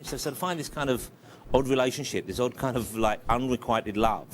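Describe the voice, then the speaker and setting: A man's voice: medium pitch, fairly quick, a little hiss or hum. A man musing and searching for words in a documentary interview.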